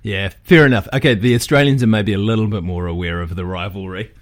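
Deep-voiced New Zealand man, chatty. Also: quick pace. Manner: relaxed, chatty, frequent fillers and restarts. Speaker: guest, physical therapist. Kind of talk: casual podcast conversation.

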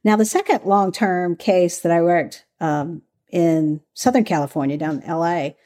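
A woman's voice: lowish voice, moderate pace, mellow. A woman from the American South, a former undercover agent, recounting her work in a candid, chatty interview. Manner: candid, chatty, laughs easily. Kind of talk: conversational interview storytelling.

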